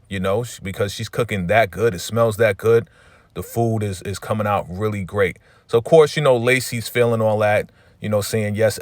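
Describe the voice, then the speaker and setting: A man with a fairly low voice talks through a drama episode in a loose, chatty recap. He quotes the characters without changing his voice and fills the gaps with "you know." The sound is dry and close. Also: no room sound. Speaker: recap host.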